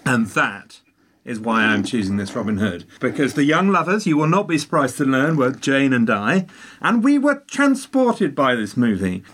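Brief: chatty man, talkative and animated, mid-pitched, jokey film chat. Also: moderate pace, slight background noise.

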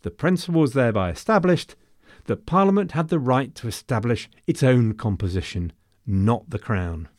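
A man's voice: medium pitch, animated, moderate pace, a little mellow, no room sound, clean studio sound. A man narrating a history episode from a script, dropping in wry, jokey asides.

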